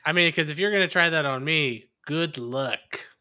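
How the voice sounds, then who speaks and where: A man's voice: a little high, normal speed, sharp tone. A man playing a tabletop game in character, teasing and joking with the others. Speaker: player.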